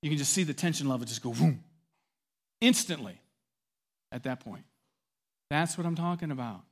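A middle-aged man preaching a sermon with animated delivery, acting out quotes and swelling loud at key points. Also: on the high side, normal speed. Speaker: pastor.

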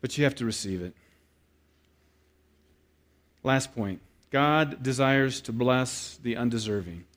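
A man preaching a sermon, telling a story with lively acted-out quotes and then speaking quietly and earnestly to the congregation. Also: mid-range voice, normal speed. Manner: animated storyteller who acts out quoted voices, then turns quiet and earnest. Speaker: pastor.

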